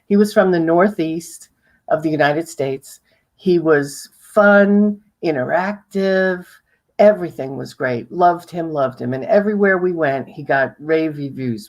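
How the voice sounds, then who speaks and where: Animated, lower-voiced coaching woman. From New York. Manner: animated, swings pitch up high for emphasis; rhetorical questions to the audience. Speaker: guest speaker on sales presentations. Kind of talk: coaching talk to viewers.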